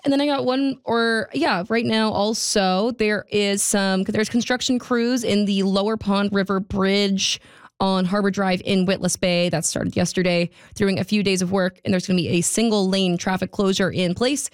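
A woman's voice: mid-range voice, fairly even intonation, normal speed, clear, resonant tone, dry recording. A woman giving a radio road and traffic report in a studio, chatty with wry, sarcastic asides. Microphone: studio microphone.

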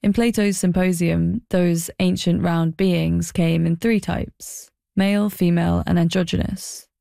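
A woman's voice: on the low side, fairly even intonation, a little slow, vocal fry, warm tone, dry recording, studio quality. A young woman narrating a personal documentary in a wry, self-deprecating way.

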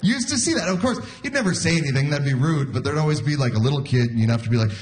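Rapid-fire and expressive, this fairly high-pitched voice belongs to a Canadian comedian in his forties. Onstage, he tells laid-back stories and chuckles at his own material as audience laughter rings out.

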